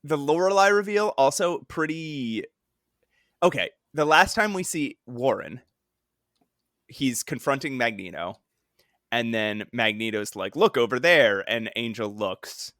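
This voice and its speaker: A man's voice: mid-range voice, animated, measured pace, fairly bright tone, no echo, clean studio sound. A man co-hosting a comics podcast in casual chat, laughing often and acting out quoted lines. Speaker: podcast co-host.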